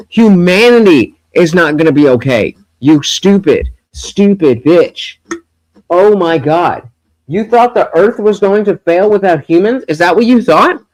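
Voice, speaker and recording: A man hosting a livestream, reacting to a debate with mocking, profane commentary that swings from low muttering to loud outbursts. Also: no echo.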